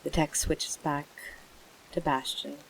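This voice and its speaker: A streamer reading a bedtime story aloud and chatting with viewers, in a gentle, emotional way. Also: medium pitch, flat delivery, slow, gravelly, a little hiss or hum, low-quality recording.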